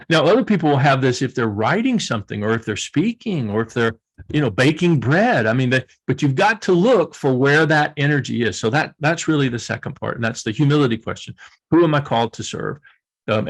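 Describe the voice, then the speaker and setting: A middle-aged man with a Southern US accent, speaking as a guest coach in an earnest, reflective way and often restarting his phrases. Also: medium pitch.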